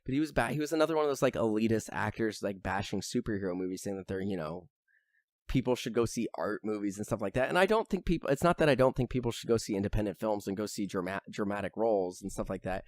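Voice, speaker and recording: A man's voice: lowish voice, animated, quick pace, darkish tone, no echo, studio quality. A young man chatting on a podcast, rambling with lots of fillers and now and then swearing as he gets worked up. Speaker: podcast host. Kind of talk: casual chat.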